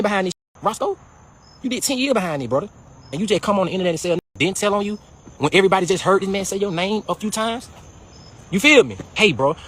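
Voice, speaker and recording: A man's voice: high voice, a bit bright, husky. A man in a profane, heated casual rant, calling people out over and over. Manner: profane, fast, repetitive calling-out.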